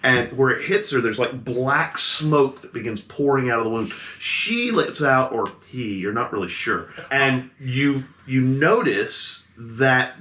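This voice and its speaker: A man's voice: medium pitch, expressive, a little slow, hardly any pauses, sharp tone. A man narrating as game master of a tabletop game, describing the action vividly and adding sound effects. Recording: echoey room.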